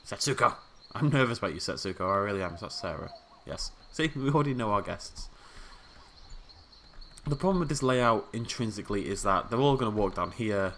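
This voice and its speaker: A man's voice: fairly low pitch, expressive, fairly quick, fairly bright tone, slight background noise. A man hosting a video game let's play, giving casual, playful commentary and chatting to the characters on screen.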